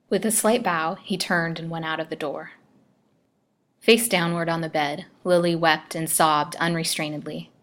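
Woman storyteller, scripted narration, classic novel, measured, expressive, lowish voice.

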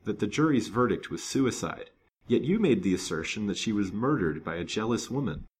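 A man's voice: fairly low pitch, expressive, brisk, slight background noise, voice pushed up, lightly acted. A man reading the part of a resolute, gallant detective in a storybook, grave and determined. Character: determined, gallant male detective, kind but stern.

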